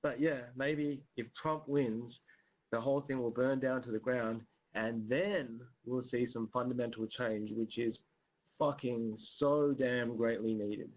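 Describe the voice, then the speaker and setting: A man's voice: mid-range voice, steady tone, a little slow. A man talking politics casually, rambling with many fillers and the odd curse word. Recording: dull lo-fi recording.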